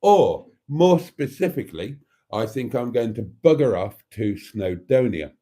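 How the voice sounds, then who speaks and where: A man chatting warmly with viewers on his live stream, camp and talkative, laughing often and calling them darlings. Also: medium pitch, sing-song, unhurried.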